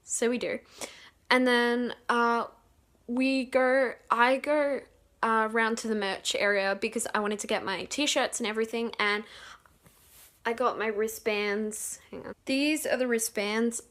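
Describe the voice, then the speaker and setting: A young woman telling a rambling, excited storytime, giggling and acting out quotes loudly. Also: a little high, a little slow. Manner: excitable, giggly, acts out quotes with bursts of loudness; rambling with many fillers and restarts. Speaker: vlogger. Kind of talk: casual storytime.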